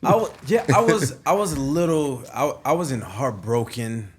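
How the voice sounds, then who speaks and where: A man's voice: medium pitch, animated, normal speed, breathy edge. A man hosting a podcast, talking casually with frequent stammered restarts and self-mocking humor. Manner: hesitant, stammering restarts, laughs at himself. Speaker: podcast host.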